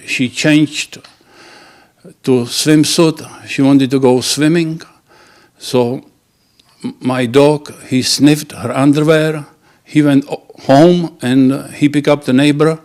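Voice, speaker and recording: A man telling jokes casually in a halting way, with many fillers and grammar. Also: mid-range voice, fairly even intonation, a little mellow. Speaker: joke teller.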